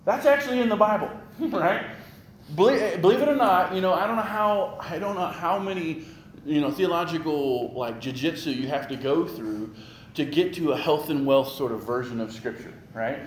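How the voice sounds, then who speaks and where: A man preaching a sermon in a conversational, joking style, quoting scripture and getting lively as he makes his points. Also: on the high side, moderate pace, roomy sound, a little hiss or hum. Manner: conversational, jokey, animated preaching. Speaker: pastor.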